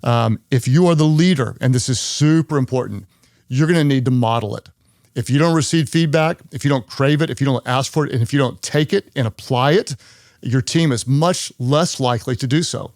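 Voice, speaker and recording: A man's voice: medium pitch, a little fast, a little mellow, no echo, studio quality. A man who is a pastor, hosting a leadership podcast in an earnest way and repeating key phrases for emphasis.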